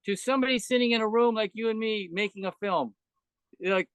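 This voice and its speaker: Older man telling stories, high-pitched. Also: a bit bright, no echo. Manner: rambling storyteller who acts out quoted voices. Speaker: podcast guest, veteran animator. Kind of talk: casual interview chat.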